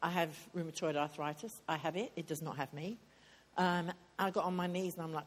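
A woman's voice: deep voice, moderate pace. A woman preaching at a women's retreat, speaking earnestly and conversationally, and repeating key lines for emphasis. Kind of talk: sermon.

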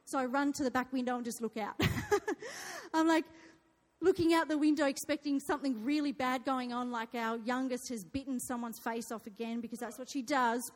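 An Australian woman in her thirties preaching a sermon in a church, chatty and lively with laughing asides. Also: high voice, moderate pace. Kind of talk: sermon with personal storytelling. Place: church hall. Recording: echoey hall reverb.

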